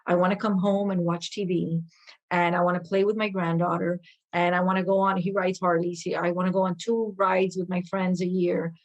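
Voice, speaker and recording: A woman in her fifties, a podcast guest telling stories in an energetic, animated way, acting out quoted voices. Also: on the low side. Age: 50s. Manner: energetic, animated, quick-talking with lively quoted asides. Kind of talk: conversational interview storytelling.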